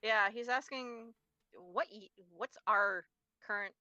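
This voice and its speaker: A woman's voice: medium pitch, slow pace, bright, forceful tone, muffled recording. A woman playing a tabletop game who often stammers and restarts her sentences. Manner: hesitant, stammering. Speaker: player.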